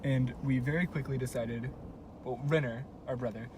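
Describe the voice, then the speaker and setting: A young man from the United States telling a story in relaxed, rambling casual chat, with many fillers. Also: medium pitch, normal speed. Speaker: vlogger's younger brother. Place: inside a moving car. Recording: car noise behind.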